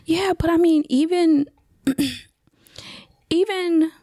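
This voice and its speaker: A woman's voice: very high voice, slow, mellow, dry recording, clean studio sound. A young woman and podcast guest in casual chat, telling a story and acting out the dialogue between laughs.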